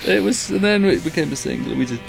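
A man's voice: fairly high pitch, lively intonation, fast talker, creaky, music in the background. A man casually telling a studio story, rambling and correcting himself as he goes, with a chuckle now and then. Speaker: musician telling a studio anecdote. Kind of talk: casual anecdote.

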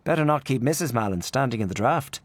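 A man voicing an elderly aunt in a storybook reading, brisk and fussing. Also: medium pitch, lively intonation, no room sound, pitched above the performer's own voice, lightly acted.

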